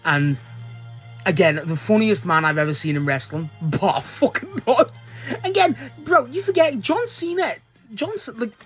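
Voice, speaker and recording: The host of a wrestling fan page, rambling casually and excitably, swearing freely and often restarting sentences. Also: mid-range voice.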